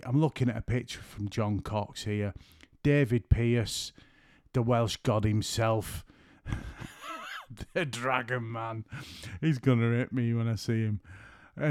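A man's voice: medium pitch, dark tone, clear, resonant tone, no room sound, clean studio sound. A middle-aged man hosting a casual solo podcast from home, rambling and joking as he keeps breaking off mid-sentence. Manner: rambling, jokey, keeps interrupting himself. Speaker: podcast host and photographer. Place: at home after work.

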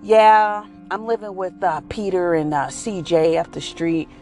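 Lady doing a chill bragging tomcat, slangy, meows high in between. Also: unhurried, darkish tone, faint music behind, natural voice. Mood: boastful. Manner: swaggering, casual slang. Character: laid-back male tomcat, boastful and streetwise.

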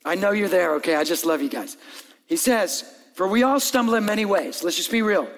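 A man preaching as pastor, animated, acting out dialogue and joking with the congregation. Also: high-pitched, fairly quick, in a large hall. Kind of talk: sermon. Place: church hall with long reverb.

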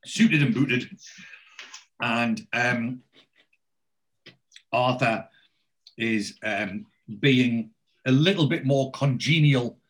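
A man's voice: medium pitch, drawn-out words, pauses often, a bit bright, poor audio. Rambling man recapping an episode. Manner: rambling, with many fillers and restarts. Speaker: podcast host. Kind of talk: casual retelling of a TV episode.

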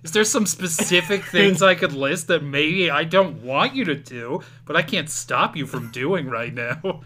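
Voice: mid-range voice, expressive, unhurried, pushed and bright. A podcaster doing a whimpering tied-up young man. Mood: mock pleading. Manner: whiny, pleading, mock-fearful.

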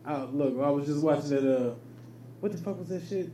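A laid-back man joking and teasing a friend in casual banter, laughing easily. His voice sits high for a man. The room around him is roomy and echoey. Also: a little fast, dark tone, a little hiss or hum.

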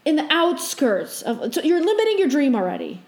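A woman co-hosting a podcast in casual chat, animated and quick to laugh, acting out her own inner voice as she talks. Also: high-pitched, roomy sound. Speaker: podcast co-host.

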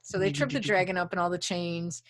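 A woman co-hosting a casual podcast, recapping a film scene by scene in an animated, laughing way. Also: fairly low pitch, fairly quick, noisy background. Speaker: podcast co-host. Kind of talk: casual movie recap chat.

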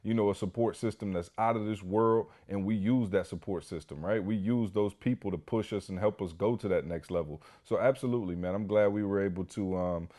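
Lower-voiced man telling a story. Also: a little fast, few pauses. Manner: animated, heavy use of "you know" and "like". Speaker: podcast co-host. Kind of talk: casual storytelling chat.

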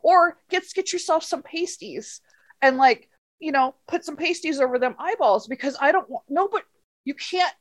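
High-voiced woman ranting, profane and rambling. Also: animated, moderate pace. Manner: profane, rambling, exasperated storytelling. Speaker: podcast host reviewing a film. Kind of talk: casual comedic chat.

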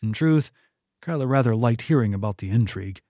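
A man reading a fantasy novel aloud in a steady storytelling manner. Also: fairly quick, no echo, clean studio sound. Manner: steady storytelling read, lifting pitch for quoted characters. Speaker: audiobook narrator. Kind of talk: scripted narration.

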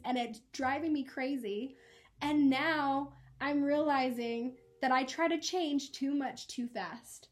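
High-voiced young woman telling a story. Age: 20s. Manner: earnest, emotional, quick laughs. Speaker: podcast co-host. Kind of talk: casual chat, personal story.

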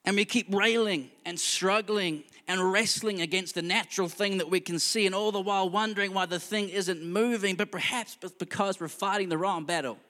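A man preaching a sermon in a relaxed, conversational way, mixing humorous asides with earnest points. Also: high voice, moderate pace, hardly any pauses, in a large hall. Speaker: pastor.

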